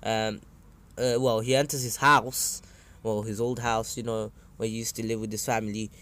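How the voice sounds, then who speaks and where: A man's voice: fairly low pitch, level tone, moderate pace, pushed and bright. A man casually improvising a fan story, rambling with many fillers and asides. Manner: rambling, full of "uh" and "anywho".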